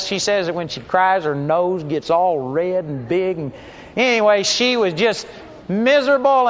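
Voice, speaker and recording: A man preaches a sermon full of stories, animatedly acting out the people in them and using higher voices when quoting them. The recording is dull and lo-fi.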